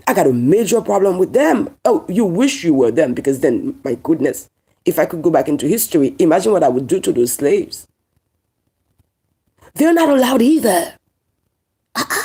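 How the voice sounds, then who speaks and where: A woman from Haiti with a Haitian accent speaks to camera in a heated, emphatic monologue. Her voice is gravelly with a lot of fry, and her tone is dark and mellow. She keeps repeating her points and asking rhetorical questions. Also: on the low side, sing-song, normal speed. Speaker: online commentator.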